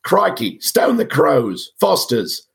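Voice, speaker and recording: A man with a raspy, cold-roughened voice putting on an over-the-top fake Australian accent as a joke. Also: mid-range voice, sing-song, slow, heavily acted. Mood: hammy. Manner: over-the-top, joking slang.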